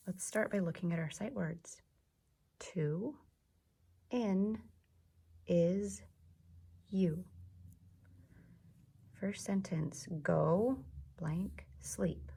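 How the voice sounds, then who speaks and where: A young woman teaching kindergarten from home, speaking gently and slowly with soft whispers to encourage the children. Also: mid-range voice, vocal fry, roomy sound, distant mic. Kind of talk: remote class lesson for young children. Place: room at home.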